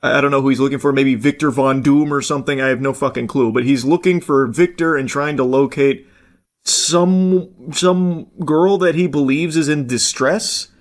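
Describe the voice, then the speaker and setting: A man's voice: medium pitch, normal speed. A man reacting to a clip in casual, rambling commentary, swearing freely and filling gaps with "like" and "uh". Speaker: commentary YouTuber.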